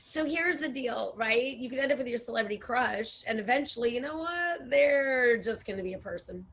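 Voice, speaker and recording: Animated laughing woman coach. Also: fairly high pitch, moderate pace. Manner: animated, laughs often, acts out clients' voices. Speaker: relationship coach, co-host. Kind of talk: casual chat. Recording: faint background noise.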